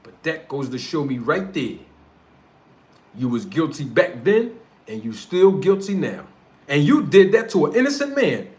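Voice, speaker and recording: This heated livestream rant comes from a male streamer and host with a North Philly accent who uses street slang and gets confrontational. His pitch is fairly high and sing-song, the pace measured, and the tone on the darker side.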